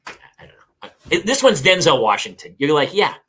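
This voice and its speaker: A man's voice: fairly high pitch, moderate pace, slightly rough. A man hosting a podcast, chatting casually and acting out people's lines as he tells stories. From California. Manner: animated storyteller, acts out other people's lines. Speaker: podcast host. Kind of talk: casual chat.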